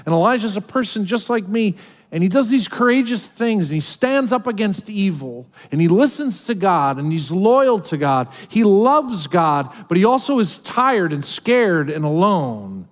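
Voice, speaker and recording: A man's voice: high-pitched, in a large hall. A man preaching a sermon as a pastor, dramatically voicing scripture and heartfelt prayers.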